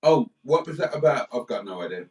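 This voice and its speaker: A man's voice: mid-range voice, lively intonation, fairly quick, darkish tone. A tired man with a British accent hosting a casual livestream, bantering wryly with his co-host. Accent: British English. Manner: wry, dry banter.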